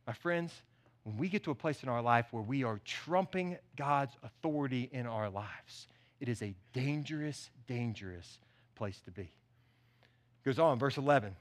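A male pastor delivers a sermon in an animated, chatty style with frequent asides. His voice is high and bright, and his tone is forceful. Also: moderate pace. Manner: animated, conversational preaching with asides to the church.

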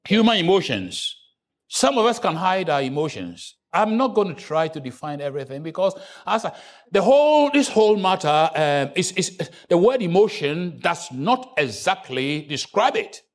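A male pastor preaches a sermon in church, joking with the congregation and breaking into sudden loud rises. His voice sits high.

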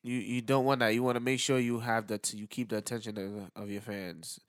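A man's voice: mid-range voice, fairly even intonation, a little fast. A man co-hosting a podcast in casual chat, chiming in with brief, laid-back remarks. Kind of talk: casual pop-culture chat.

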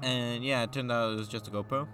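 A man's voice: medium pitch, fairly even intonation, fast talker, fairly bright tone, faint music behind. A young man co-hosting a podcast, joking and laughing as he chimes in and tells a story, recorded outdoors at night. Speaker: podcast co-host. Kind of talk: casual storytelling chat. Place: outdoors at an abandoned aqueduct at night.

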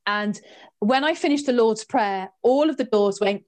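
A woman with a fairly high voice tells a spooky story as a guest. She is animated and expressive, and her pitch leaps upward whenever the story turns dramatic. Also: moderate pace. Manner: lively, expressive, jumps in pitch when recounting drama. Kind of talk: animated anecdote telling.

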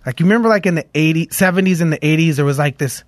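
A man from Los Angeles, a guest musician, chatting in an interview and telling stories in an animated way with many "like"s. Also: fairly high pitch, rapid-fire, no room sound, studio quality. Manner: animated storyteller, heavy on "like", hums tunes aloud. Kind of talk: casual interview chat.

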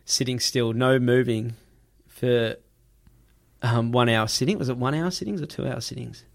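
A man telling a personal story in casual chat, animated, laughing and swearing freely. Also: medium pitch, moderate pace, creaky.

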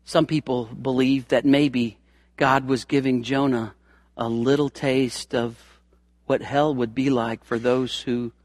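A man's voice: mid-range voice, little pitch movement, slow pace, darkish tone, dry recording. A man preaching a sermon in an emphatic, folksy way, acting out the scripture quotes as he goes.

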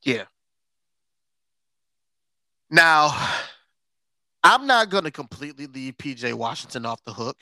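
A man hosting a podcast in casual chat, sarcastic and quick to laugh, stretching words for emphasis. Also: fairly high pitch, sing-song, bright, forceful tone, no room sound. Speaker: podcast host.

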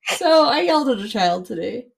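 A woman podcast co-host chats casually and tells stories with plenty of swearing. Her voice sits a little high and has a gravelly, creaky texture. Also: big pitch swings, moderate pace. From Utah, US. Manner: swears freely, storytelling. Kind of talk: casual chat.

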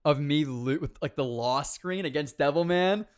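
Animated young man spinning gamer stories. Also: fairly high pitch, moderate pace, smooth. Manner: animated, laughs often, acts out quotes. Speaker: competitive gamer telling stories. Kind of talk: casual storytelling chat.

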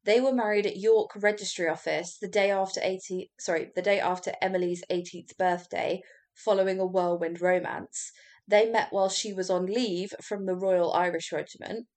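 A woman casually recounting a true crime story on a podcast, chatty and quick to laugh, with the odd swear word. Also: mid-range voice, steady tone, darkish tone.

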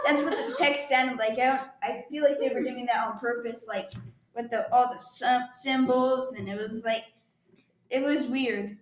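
A young woman with a high voice speaks in an offhand way during casual podcast chat. She draws out her remarks. The sound has a clear room echo. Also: fairly even intonation, moderate pace. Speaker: podcast co-host. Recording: echoey room.

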